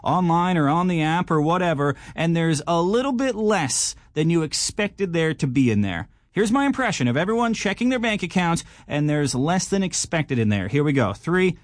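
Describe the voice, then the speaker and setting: A man hosting a radio show, joking in a self-mocking, animated way in a casual bit. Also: fairly high pitch, moderate pace, no echo, clean studio sound. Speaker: radio host. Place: radio studio. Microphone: studio mic.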